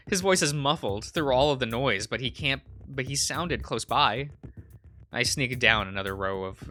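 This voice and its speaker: A man's voice: lowish voice, pushed and bright. A man hosting a let's play, reading a visual novel aloud in a casual way with fillers.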